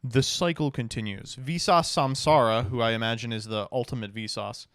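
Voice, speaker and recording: A man on a stream reads out card game rules, rushing through the text and breaking off for wry, sighing comments. His voice is smooth and clear at a middle pitch. The sound is dry and close. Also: a bit bright, dry recording.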